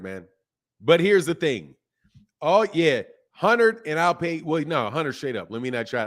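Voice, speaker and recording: A man hosting a casual live stream about boxing, talking in slang and reacting to chat comments. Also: on the high side. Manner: animated, slangy, reads chat comments aloud. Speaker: boxing channel host.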